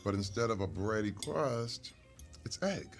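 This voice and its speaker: A man telling stories from his life in casual conversation over a meal, animated and earnest, sometimes getting emotional. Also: lowish voice, unhurried, soft background music. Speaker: guest.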